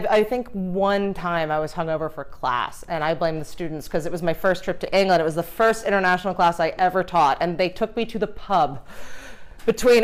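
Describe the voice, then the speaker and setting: A woman in casual interview chat, a cake designer and teacher telling stories with quoted asides and laughter. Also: mid-range voice.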